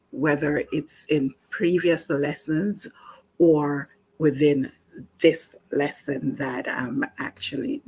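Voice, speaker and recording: A low-voiced woman from Jamaica walks learners through a language lesson. Her voice is husky, and she explains slowly and calmly, sometimes restarting a phrase. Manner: calm, explanatory, with small restarts. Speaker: language teacher.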